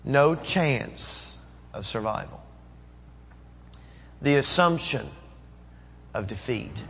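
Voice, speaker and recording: A man's voice: mid-range voice, expressive, very slow, fairly bright tone, husky. Man preaching a dramatic sermon in a hall. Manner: dramatic, acts out pleading prayers. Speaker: pastor. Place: church. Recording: dull echoey church recording.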